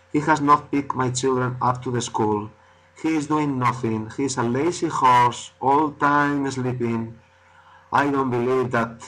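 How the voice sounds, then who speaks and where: A man's voice: mid-range voice, a bit bright, lightly acted, low-quality recording. A man playing an indignant horse buyer. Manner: complaining, drawn-out emphasis. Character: fed-up angry male horse buyer.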